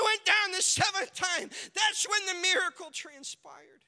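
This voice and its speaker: A male pastor preaching a sermon, swinging from hushed lines to shouted ones and acting out the people in his stories. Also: very high voice, expressive, measured pace, few pauses. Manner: acts out quoted characters in the stories. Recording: long hall reverb.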